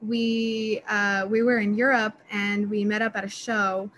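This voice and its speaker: A young woman, a DJ and producer, answering interview questions in an excitable, chatty way full of fillers. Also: mid-range voice, a little slow, a little hiss or hum, rough recording. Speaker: DJ and music producer.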